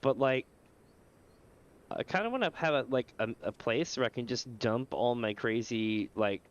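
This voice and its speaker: A man's voice: medium pitch, normal speed, clean tone, lo-fi sound. Stuffy-nosed male streamer chatting loosely. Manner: rambling, swears freely, laughs often. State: stuffy nose. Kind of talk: casual livestream chat.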